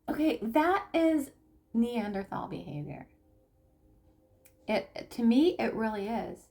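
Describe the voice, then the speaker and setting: A woman talking casually to camera as a spiritual coach and tarot reader. She speaks haltingly, with many restarts and fillers, and lets phrase endings sink to a low murmur. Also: animated, vocal fry, a little mellow.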